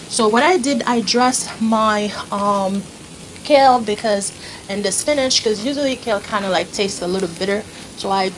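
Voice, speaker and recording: A woman's voice: medium pitch, background noise. A woman chatting casually to her viewers while she cooks at home, laughing at herself as she goes. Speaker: home cooking vlogger. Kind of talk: casual cooking demonstration. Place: home kitchen.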